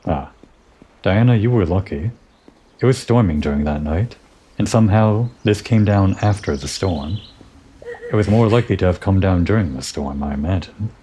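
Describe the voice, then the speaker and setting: A man giving relaxed, musing commentary over a game playthrough, thinking aloud and talking to the character he plays. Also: low-pitched, moderate pace, a little hiss or hum. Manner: musing, talks to himself and the character. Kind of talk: relaxed let's-play commentary.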